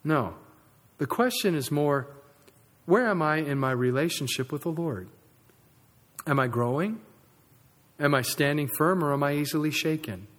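A man preaching a sermon in a church sanctuary, swinging between loud emphasis and quiet asides. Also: fairly high pitch, lively intonation, normal speed, pauses often. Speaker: pastor. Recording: long reverb of a large sanctuary.

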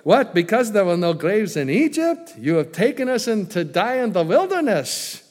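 A preacher acting out a crowd of frantic, complaining men, loud and accusing, his voice pushed up high and ringing through a reverberant hall. Shrill and exasperated, they hurl questions at their leader. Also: very animated, normal speed. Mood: panicked. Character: panicking, complaining ancient Israelite men.

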